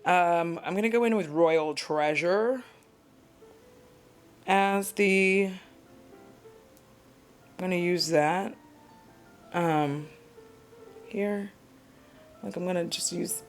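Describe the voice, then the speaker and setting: A woman's voice: fairly low pitch, slow pace, pauses often, soft background music. Chatty, candid woman vlogger rambling. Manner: self-deprecating, candid. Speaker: beauty vlogger. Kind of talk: casual get-ready-with-me chat.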